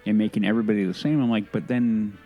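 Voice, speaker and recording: A low-pitched man talking through a podcast in casual conversation. He gets earnest and opinionated, stumbling and restarting his sentences as he works out his point. Faint music sits underneath. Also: steady tone, warm tone. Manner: halting, many restarts and self-corrections. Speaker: podcast co-host. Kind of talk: casual chat.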